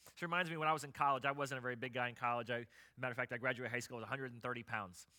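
A middle-aged male pastor delivers a sermon, telling stories in a lively, conversational style. His voice is mid-range and his speech is rapid-fire.

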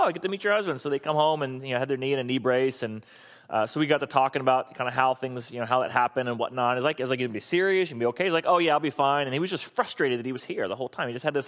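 A man in his thirties preaching a sermon, telling the story with animated, acted-out voices. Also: fairly high pitch. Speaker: pastor.

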